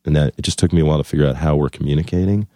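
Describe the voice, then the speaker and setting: A man's voice: rumbling low, racing, dark tone, no echo, clean studio sound. A man being interviewed as a guest musician, chatting casually in a wry, joking way and now and then slipping into mock voices.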